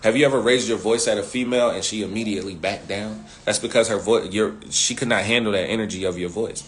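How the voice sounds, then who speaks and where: A man teaching sales techniques in an animated way, repeating key phrases and talking with slang. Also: lowish voice, fast talker. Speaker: sales coach.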